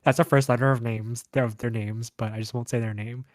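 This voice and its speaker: A man's voice: medium pitch, fairly even intonation, fairly quick, no echo. A man, a podcast co-host, telling a story in casual chat, hesitant and rambling.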